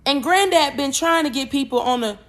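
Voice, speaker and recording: A woman hosting a podcast, talking casually and expressively with rambling asides and sudden loud bursts. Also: high-pitched, brisk. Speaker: podcast host. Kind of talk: casual spiritual talk.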